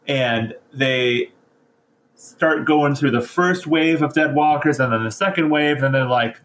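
A man on a podcast retelling a story casually, in slangy, animated speech. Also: medium pitch, measured pace. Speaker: podcast co-host.

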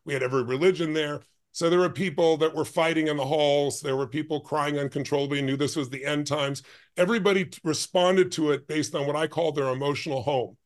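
A man who is a guest on a podcast, telling a story in an intense, emphatic way with quick bursts. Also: fairly high pitch, fairly even intonation. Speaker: guest, life and business strategist.

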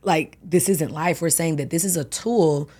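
A woman hosting a podcast, chatting casually with features, telling stories in an animated way and acting out what people say. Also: low-pitched, normal speed, breathy edge. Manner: animated storytelling, acts out quotes, laughs often. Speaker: podcast host. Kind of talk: casual chat.

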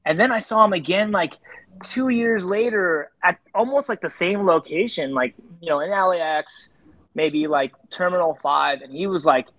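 Animated man telling street stories, dry sound. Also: moderate pace, no echo. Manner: animated, jumps to high pitch when retelling. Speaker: street photographer and interview guest. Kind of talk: casual storytelling.

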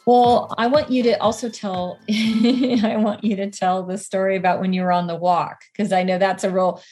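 A woman hosts a relaxed podcast conversation, welcoming listeners and nudging her guest along in friendly, loosely phrased prompts. Faint music sits low behind her voice. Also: moderate pace. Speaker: podcast host. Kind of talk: casual podcast interview.

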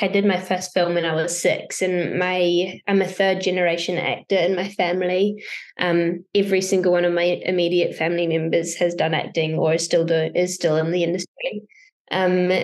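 A young woman with a New Zealand accent, chatting as an actor guest in an interview, with frequent fillers and light laughs. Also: lowish voice. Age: young adult. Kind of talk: casual interview chat.

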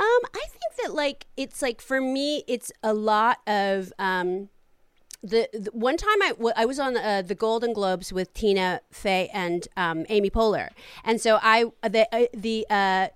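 A woman's voice: mid-range voice, animated, moderate pace, smooth, dry recording, clean studio sound. A woman comedian being interviewed, talking in a rambling, hesitant way with laughs between thoughts. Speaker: comedian guest. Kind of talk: casual interview chat.

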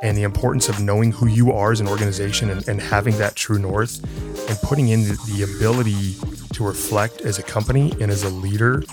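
A man's voice: lowish voice, steady tone, fast talker, over music. A middle-aged man hosting a podcast, telling a story in casual chat, laughing often and acting out the voices in it. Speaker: podcast host.

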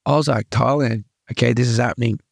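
A man's voice: medium pitch, steady tone, quick pace, vocal fry, no echo, clean studio sound. A young Australian man, a podcast guest, telling his personal story candidly, often repeating himself and adding "like" and "right". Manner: earnest, repeats himself, full of likes and rights.

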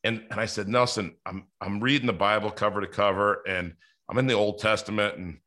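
Bright-voiced man hosting a podcast. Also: fairly low pitch, fairly even intonation, brisk. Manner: rambling, many fillers and restarts. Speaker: podcast host. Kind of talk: casual interview chat.

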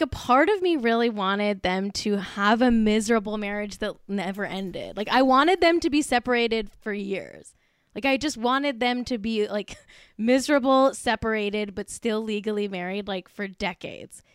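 Young woman podcaster, a bit drunk, giggly and profane, higher voice, crisp and dry. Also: expressive, moderate pace, dry recording. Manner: profane, giggly, gossipy, heavy use of "like". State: tipsy. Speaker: podcast host. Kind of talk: casual celebrity gossip podcast chat.

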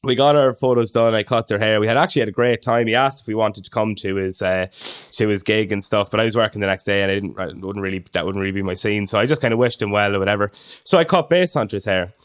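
A man's voice: on the low side, quick pace, smooth. A young Irish man telling a long, chatty anecdote on a casual podcast. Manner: chatty anecdotal storyteller, animated impressions of others. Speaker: podcast co-host. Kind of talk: casual chat, storytelling.

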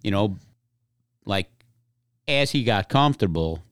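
A man's voice: fairly low pitch, lively intonation, unhurried, fairly bright tone, dry recording, clean studio sound. A man with a Chicago accent, a firefighter guest telling anecdotes with frequent laughs in casual podcast chat. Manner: laughs often, tells anecdotes loosely.

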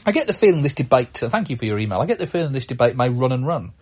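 A man in his usual middle pitch, hosting a podcast in a loose, conversational ramble. He restarts sentences often and slips in dry asides, and his voice carries a husky grain. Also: big pitch swings, rapid-fire, darkish tone. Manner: chatty, rambling, with frequent restarts and dry humour. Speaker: podcast host. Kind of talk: casual podcast commentary.

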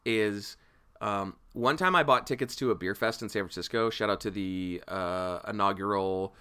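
A man's voice: fairly low pitch, normal speed, sharp tone, clear, resonant tone. A man co-hosting a podcast in casual chat, rambling, laughing and swearing freely. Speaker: podcast co-host.

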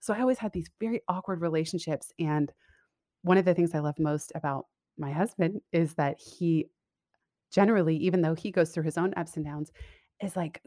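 A woman guest talks through a remote interview in a slightly low voice, thoughtful and candid, with frequent small laughs and restarts. The sound is dry, close and free of any room. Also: moderate pace, mellow, dry recording. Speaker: guest, career coach and business owner. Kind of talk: reflective conversational interview. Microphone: remote call audio.

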